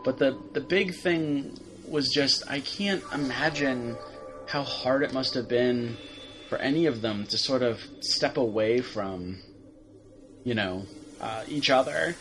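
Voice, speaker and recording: A man's voice: mid-range voice, slow, music in the background. Rambling man co-hosting a casual podcast. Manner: rambling, hesitant, quotes lines in playful voices. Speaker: podcast co-host. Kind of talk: casual review chat.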